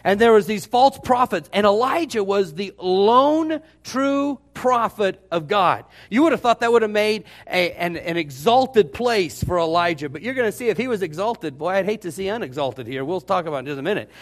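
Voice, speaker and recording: Baptist preacher guy, kinda high voice, animated and jokey telling the story. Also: normal speed, few pauses. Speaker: Baptist pastor. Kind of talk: sermon.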